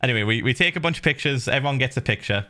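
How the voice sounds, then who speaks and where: A middle-aged man streaming, casually telling viewers a story with lively laughs and the odd swear. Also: medium pitch, rapid-fire.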